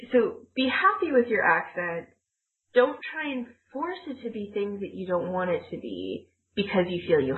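A woman co-hosting a casual chat, explaining points in a teacherly, rambling way with fillers. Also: fairly low pitch. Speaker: podcast co-host, former ESL teacher. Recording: tinny phone-like line.

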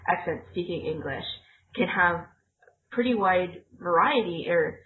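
A woman's voice: on the low side, expressive, unhurried, a little hiss or hum. A woman co-hosting a casual chat, explaining points in a teacherly, rambling way with fillers. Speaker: podcast co-host, former ESL teacher. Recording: tinny phone-like line.

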